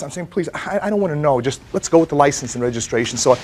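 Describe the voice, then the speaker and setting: An American man gives courtroom testimony as the plaintiff. He tells his story in an animated way, acting out the people he quotes and stumbling over repeated words. His voice sits slightly high for a man. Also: very fast, a crowd in the background.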